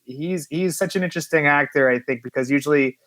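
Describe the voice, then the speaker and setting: An animated man with a fairly high voice tells behind-the-scenes stories in a relaxed interview. He acts out the quoted lines and laughs along, and the sound is dry and close. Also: fast, no room sound. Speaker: film producer. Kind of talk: casual interview chat.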